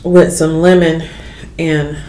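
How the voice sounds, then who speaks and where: A woman's voice: low voice, flat delivery, slow. A woman eating on camera and chatting casually to viewers. She hums and chews between remarks and calls her viewers "y'all". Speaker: mukbang eating vlogger. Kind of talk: casual eating-video chat. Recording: echoey room with faint noise.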